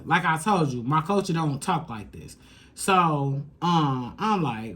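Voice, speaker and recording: A woman's voice: lively intonation, unhurried. Emphatic slangy woman tarot reader. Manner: emphatic, slangy and profane, coaching the listener directly; swings between loud high bursts and low quiet asides. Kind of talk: casual spoken tarot reading.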